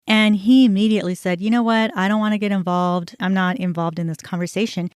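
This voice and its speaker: A woman's voice: mid-range voice, fairly quick, hardly any pauses, clean tone, dry recording, clean studio sound. Candid woman host telling a personal story. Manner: candid, animated retelling with quoted dialogue. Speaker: podcast host.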